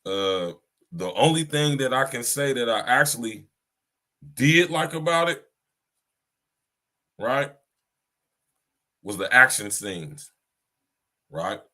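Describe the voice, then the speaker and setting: This podcast host talks slowly with long pauses in a mid-range, expressive voice that has a sharp tone. He keeps the casual chat blunt and slang-heavy, repeating himself and often saying "you hear me".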